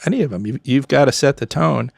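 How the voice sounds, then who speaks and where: A middle-aged former pub owner, appearing as a podcast guest, talks casually in a medium-pitched, gravelly voice with vocal fry. Recorded close and dry with no room sound, he tells energetic restaurant stories and acts out customers and staff in quick voices.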